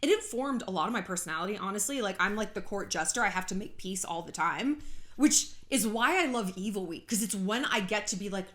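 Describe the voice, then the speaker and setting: A woman's voice: medium pitch, expressive, brisk, a bit bright. A woman from California hosting a casual gossip commentary vlog, chatty and sarcastic, laughing often and swearing freely. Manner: frequent swearing. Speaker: YouTube host.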